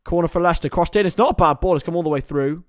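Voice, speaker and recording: A man's voice: a little high, very fast, dry recording, studio quality. A young man hosting a live watchalong, calling the match play by play and chatting with viewers. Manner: excitable play-by-play, drops to mumbled asides with fillers. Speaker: watchalong host and commentator. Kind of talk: live match commentary with chat.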